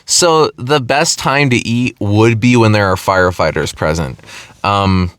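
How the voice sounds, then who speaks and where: A man's voice: on the low side, unhurried, smooth, no room sound. Rambling young man telling a funny story. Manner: rambling, animated, laughing through his own story; heavy use of "like", frequent restarts. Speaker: streamer. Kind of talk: comedic storytelling monologue.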